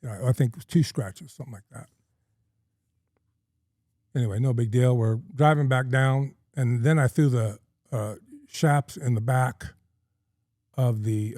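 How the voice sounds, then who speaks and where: A man's voice: mid-range voice, dark tone, dry recording, clean studio sound. A middle-aged man from California, a podcast guest telling a long story in a folksy, rambling way with plenty of ums and uhs. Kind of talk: casual storytelling in a podcast interview.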